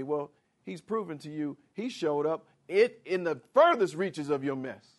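A man preaching a sermon, swinging from loud proclamations to hushed quick asides, asking the congregation questions and acting out inner voices. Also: animated. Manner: swings from booming declarations to hushed, fast asides.

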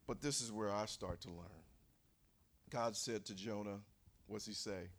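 A man preaching a sermon in a church, acting out angry quotes and shouting at the peaks. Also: lowish voice, a little slow.

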